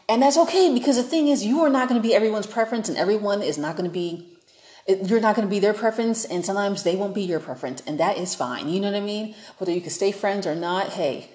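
A woman's voice: mid-range voice, animated, fairly quick, a little mellow, roomy sound. A woman giving frank, chatty dating advice in a casual monologue, acting out the people she quotes.

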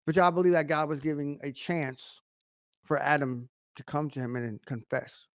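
A man's voice: fairly high pitch, moderate pace, no room sound, clean studio sound. A man preaching a sermon, emphatic, often restarting his phrases.

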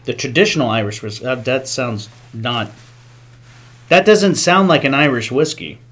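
A man's voice: medium pitch, expressive, fairly bright tone. Crude-joking male podcast co-host. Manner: crude jokes, reads labels aloud haltingly. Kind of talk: casual chat.

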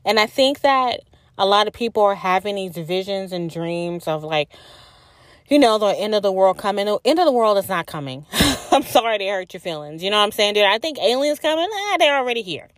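A woman's voice: medium pitch, expressive, a little fast, no room sound. A tired woman hosting a podcast, talking casually and frankly about her spiritual journey, swearing freely and saying "like" a lot. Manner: frank and profane, storytelling with many "like"s. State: tired and drained. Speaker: podcast host.

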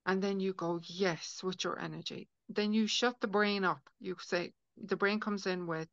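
A woman's voice: medium pitch, fairly even intonation, normal speed, hardly any pauses, fairly bright tone, no echo. A woman guest on a podcast, talking earnestly in casual conversation and acting out inner voices as she explains. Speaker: guest healer. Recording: dull lo-fi audio, dry.

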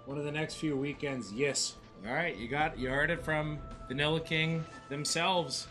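A man co-hosting a slot stream, chatting casually with rowdy, profane excitement and hyping up the chat. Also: a little high, moderate pace, faint music behind.

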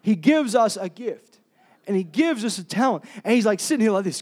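A young man preaching a sermon in a church. His voice sits high for a man, and he tells a personal story to the congregation, breaking off to ask them "Amen?". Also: lively intonation, fairly quick, darkish tone. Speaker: pastor. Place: church hall.

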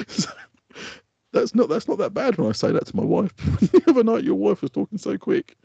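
A man's voice: sits high, wildly swooping pitch, moderate pace, vocal fry, long pauses, warm tone, slightly rough, no echo, muffled recording. A man co-hosting a podcast in casual chat, rambling and laughing often. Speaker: podcast co-host.

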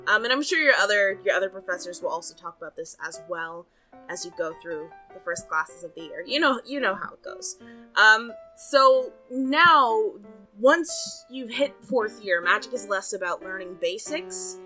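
A woman's voice: mid-range voice, animated, normal speed, pushed and bright, faint music behind. A woman voicing an earnest female magic professor who rambles with many fillers.

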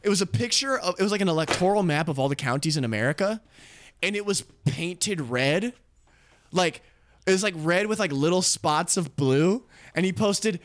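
A man's voice: high-pitched, animated, normal speed. A young man co-hosting a podcast, rambling and swearing in casual banter with frequent laughs. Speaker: podcast co-host.

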